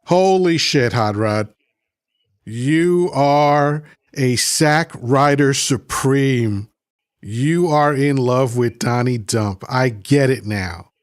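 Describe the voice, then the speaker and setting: A man with a medium pitch, recorded dry with clean studio sound, reads his livestream chat out loud. He goes after the comments in a combative, mocking way, repeating himself often in a heated political rant.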